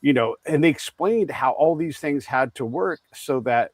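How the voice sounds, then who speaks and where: A man's voice: fairly high pitch, expressive, moderate pace, no room sound. A man hosting an interview, telling long rambling stories with many restarts and asides. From United States. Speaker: podcast host. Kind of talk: conversational interview.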